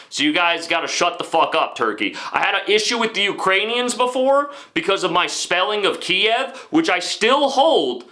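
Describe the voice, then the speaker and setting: A middle-aged man from the United States hosting a comedy podcast, ranting in mock outrage and then dropping into muttered asides. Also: high voice. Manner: mock-indignant ranting, swinging between loud outbursts and muttered asides.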